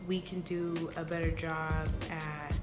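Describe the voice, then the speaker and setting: A woman's voice: low-pitched, little pitch movement, takes it slowly, over loud music. A woman in a casual debate who presses her point and keeps asking whether she is understood. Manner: persistent, keeps checking if understood. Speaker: conversation partner.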